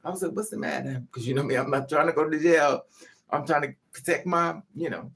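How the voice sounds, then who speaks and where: A woman's voice: low voice, a little fast. A woman vlogger telling a rambling, profane story in casual chat to her viewers.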